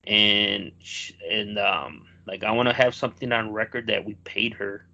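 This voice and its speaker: A man's voice: lowish voice, level tone, normal speed, vocal fry, sharp tone, lo-fi sound. A man co-hosting a podcast, telling a long rambling story in casual chat and swearing freely. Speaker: podcast co-host.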